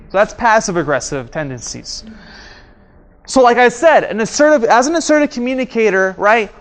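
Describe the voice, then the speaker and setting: A man leading a communication workshop, asking the room questions and repeating his key points. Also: extremely high pitch. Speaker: communication trainer. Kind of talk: live workshop instruction. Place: training room with audience.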